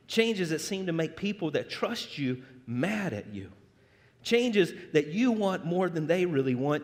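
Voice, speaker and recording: A man preaching a sermon as pastor of a church, conversational and animated, joking with the congregation. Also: a little high. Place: church sanctuary. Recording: reverberant church hall.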